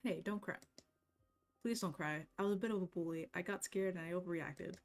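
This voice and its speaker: A woman's voice: lowish voice, brisk, close to an everyday voice. A woman reading the lines of a blunt old witch necromancer in a game, talking in a brash, threatening way. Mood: gruff. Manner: brash, threatening then gruffly apologetic. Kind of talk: reading game dialogue aloud.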